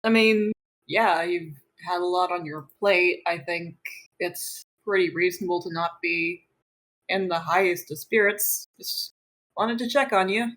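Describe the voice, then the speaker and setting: A woman's voice: fairly low pitch, unhurried, a bit bright, poor audio. A woman playing an earnest young man, a new clown recruit, who talks in a caring, slightly sheepish way. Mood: gentle. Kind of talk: tabletop game role-play.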